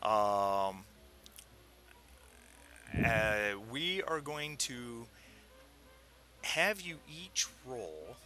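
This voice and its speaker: A man's voice: mid-range voice, sing-song, drawn-out words, long pauses, sharp tone. A man narrating a tabletop game as game master, hesitant with many fillers.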